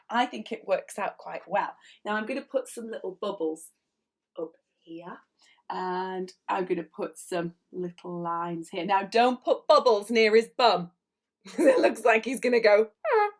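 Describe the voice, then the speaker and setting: A woman's voice: medium pitch, a little slow. A woman leading a children's draw-along lesson, encouraging and playful, with little voiced sound effects. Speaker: children's drawing tutor.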